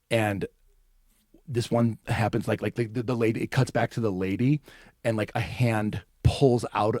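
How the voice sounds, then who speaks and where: A man's voice: lowish voice, darkish tone, dry recording, studio quality. A man co-hosting a podcast, rambling and swearing in casual chat, says like a lot. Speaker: podcast co-host.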